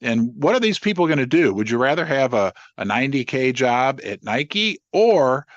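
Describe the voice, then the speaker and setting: A middle-aged man hosting a casual interview, joking and teasing his guest and asking animated questions. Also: medium pitch, moderate pace, no room sound, muffled recording. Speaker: host.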